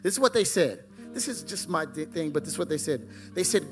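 A male pastor preaching a fervent sermon, swinging between loud exclamations and hushed asides. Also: fairly high pitch, expressive, moderate pace, soft background music.

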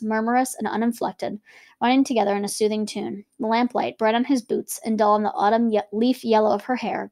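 A young woman reading a novel aloud and breaking off now and then for chatty, lively comments about it. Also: a little high, dry recording, studio quality. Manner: lively, switching between reading and chatty asides. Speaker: reader and teacher.

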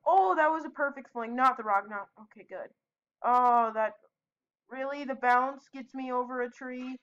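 Excitable high-voiced woman gaming. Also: muffled recording. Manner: excitable, yelping protests and quick asides. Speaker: gaming video host. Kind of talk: casual gameplay commentary with friends.

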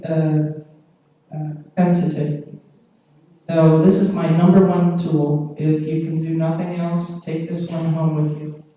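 Slow, mellow-voiced woman lecturing in a hall. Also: sits low. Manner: checks in with listeners, often asking "okay?"; explains patiently with pauses and fillers. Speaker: conference speaker. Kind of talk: conference lecture. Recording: echoey hall, distant mic.

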